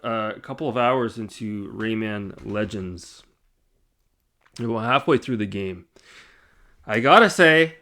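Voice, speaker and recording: A man's voice: mid-range voice, bright, forceful tone. A man hosting his own gaming channel, talking on camera in a casual, rambling, blunt way, swearing and laughing at himself. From Canada. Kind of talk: casual vlog chat. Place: indoors, side-lit room.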